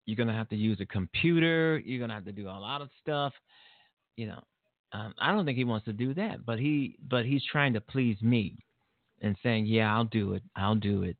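A man's voice: medium pitch, animated, moderate pace, no echo. A middle-aged man hosting a casual talk show, rambling and repeating himself as he talks about his son. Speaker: show host. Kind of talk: casual monologue. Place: home studio. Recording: tinny phone-like line.

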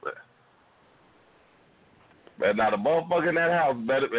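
A man hosting a radio show, telling stories in a casual, profane, animated way. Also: mid-range voice, normal speed, long pauses, no room sound. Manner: animated, swearing, laughing loudly. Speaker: radio host. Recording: phone-like narrow band.

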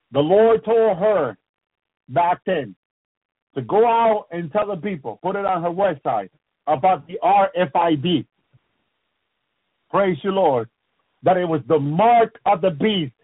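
A man's voice: sits high, breathy edge, no echo. Fervent man preaching over tinny radio. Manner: fervent, repeats "God have mercy" and "brothers and sisters". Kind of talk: prophetic sermon. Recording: tinny phone-like radio broadcast.

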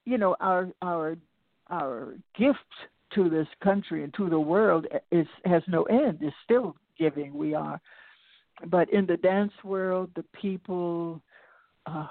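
A woman's voice: lowish voice, creaky, dry recording. An older woman speaking as an interview guest, telling stories in a reflective, digressive way that often restarts and circles back to her point. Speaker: interview guest, singer and lecturer. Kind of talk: reflective conversational storytelling. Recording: tinny phone-line audio, dry.

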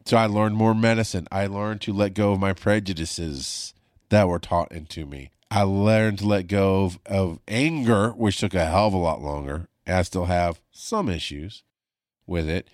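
A man with a fairly low voice talks candidly into a studio mic. He is blunt and emphatic, and he swears freely. The sound is close and dry, with no room echo. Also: moderate pace, a little mellow. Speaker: podcast host and paramedic. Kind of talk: candid podcast monologue. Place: home studio. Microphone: studio mic on a video call.

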